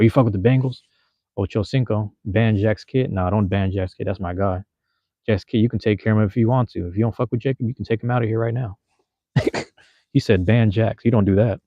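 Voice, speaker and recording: Laid-back, slangy low-voiced male streamer. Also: no echo, muffled recording. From Seattle. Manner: loose, slangy, drops profanity, addresses chat. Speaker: livestream host. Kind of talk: casual livestream chat with viewers.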